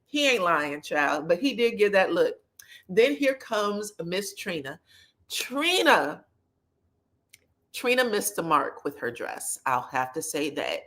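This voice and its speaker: A woman chatting casually as she recaps a reality TV episode, sassy and chatty, and she jumps into lively voices when she quotes people. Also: on the low side, slow.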